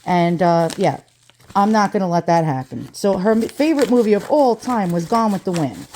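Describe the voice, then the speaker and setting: A middle-aged woman, ranting in a profane, rambling vlog with quick asides. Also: medium pitch, expressive, a little mellow, slight background noise. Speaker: vlogger.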